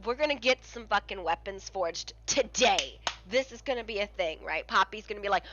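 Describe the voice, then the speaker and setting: A woman's voice: mid-range voice, sing-song, normal speed, sharp tone, no echo, muffled recording. A woman streamer chatting casually on a live stream, swearing freely and cooing baby talk at her dogs.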